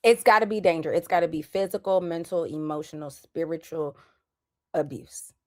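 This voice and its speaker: A woman in her thirties talks in a casual chat with a lower pitch for her sex and a slangy, emphatic delivery. Her points come in lively bursts. The sound is close and dry, with no room around it. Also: moderate pace, no room sound. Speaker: podcast host.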